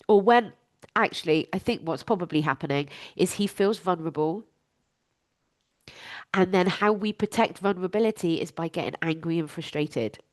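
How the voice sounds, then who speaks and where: A woman's voice: lowish voice, no room sound, studio quality. A woman, a life coach hosting her own podcast, talking candidly and emphatically, swearing freely.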